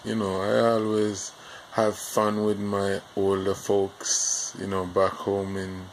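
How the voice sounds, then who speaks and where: A man from Jamaica with a Jamaican accent, telling a childhood story in a rambling, halting way full of fillers. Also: fairly low pitch, monotone, slight background noise, low-quality recording. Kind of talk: casual storytime monologue.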